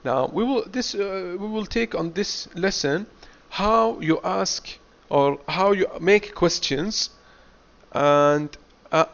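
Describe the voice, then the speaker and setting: Slow, deliberate man teaching English words. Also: fairly high pitch, fairly bright tone. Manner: slow, deliberate drilling, asks himself "what?" and answers. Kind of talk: classroom lecture. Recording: dull lo-fi recording.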